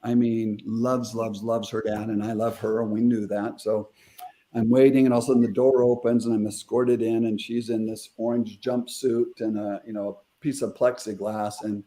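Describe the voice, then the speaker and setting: A man's voice: fairly low pitch, level tone, normal speed, mellow. A middle-aged man, a guest on an interview show, earnestly retelling a personal story with quoted dialogue.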